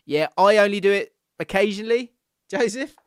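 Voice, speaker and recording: A man's voice: high voice, animated, moderate pace, no echo, studio quality. A man co-hosting a casual football podcast, laughing often as he reads out listener messages and trades banter. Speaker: podcast co-host.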